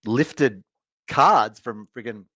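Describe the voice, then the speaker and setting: A man's voice: medium pitch, slow pace, no room sound. A man co-hosting a casual chat show, telling rambling stories and laughing often. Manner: rambling, laughing, animated storytelling. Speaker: podcast co-host.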